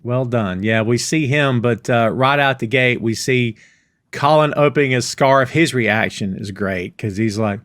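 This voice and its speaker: A man's voice: medium pitch, a little slow, a bit bright, no echo, clean studio sound. Enthusiastic man recapping a show. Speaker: podcast co-host. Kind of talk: casual review chat.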